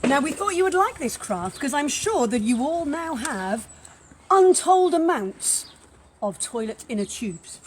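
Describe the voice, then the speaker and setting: A woman's voice: high-pitched, sing-song, unhurried. A Welsh woman hosting a church craft session, chatting playfully and joking at her own expense as she works. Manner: chatty and playful, laughs at herself. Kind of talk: casual craft demonstration. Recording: noisy room with hammering behind. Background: hammering noise.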